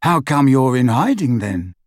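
A reader voicing a mellow-voiced, middle-aged wizard father who talks in a friendly, chatty way. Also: medium pitch, sing-song, a little slow, dry recording, studio quality. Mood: easygoing. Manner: easygoing, chatty. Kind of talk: audiobook character voice.

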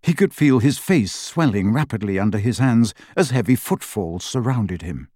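Man narrating an audiobook, lively pitch, dry close mic. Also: moderate pace, dry recording. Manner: expressive, dramatic storytelling. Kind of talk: scripted narration.

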